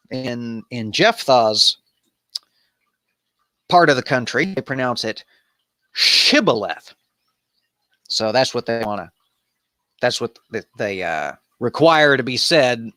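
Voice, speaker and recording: A man's voice: mid-range voice, bright, forceful tone, dry recording, studio quality. Irreverent man musing over scripture. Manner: irreverent, wandering asides. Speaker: host of an improvised bible study. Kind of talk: casual reading and commentary.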